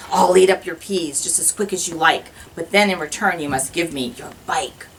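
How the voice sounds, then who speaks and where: A woman's voice: fairly low pitch, moderate pace, fairly bright tone, slight background noise, voice pushed down, poor audio. A woman voicing a grumpy, demanding male monster in a storybook read-aloud, growling his lines. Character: grumpy pushy male pea-eating monster.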